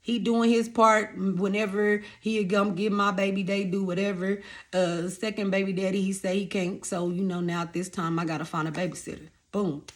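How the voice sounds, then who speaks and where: A young woman, casually telling her life story to her viewers, animated and repeating phrases for emphasis. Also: mid-range voice, moderate pace.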